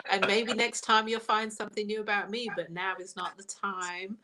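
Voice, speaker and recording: A woman's voice: mid-range voice, level tone, moderate pace, sharp tone, slight background noise. A woman co-hosting a casual livestream chat, playful and laughing, with hesitant fillers. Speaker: show co-host.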